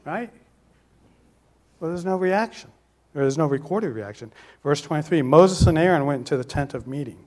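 A man preaching a sermon, posing questions to his listeners, answering them himself and slowing down to stress key words. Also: fairly high pitch, animated, darkish tone.

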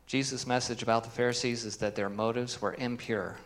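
A man's voice: medium pitch, fairly even intonation, fairly quick, few pauses, slight background noise. A man preaching a sermon as pastor, earnest, reading scripture with emphasis and putting questions to the congregation.

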